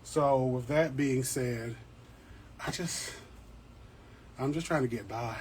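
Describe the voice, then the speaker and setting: A man's voice: medium pitch, takes it slowly, a little mellow, slight background noise. A man, hosting a casual plant livestream, chatty and joking, often checking in with his viewers. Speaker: plant channel host. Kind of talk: casual livestream chat answering viewer questions. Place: home indoors with plants.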